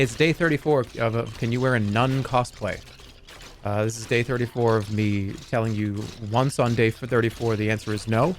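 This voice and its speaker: A man's voice: mid-range voice, a little hiss or hum. A man streaming a game, rambling and joking in casual chat while reading viewer messages aloud. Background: faint game music.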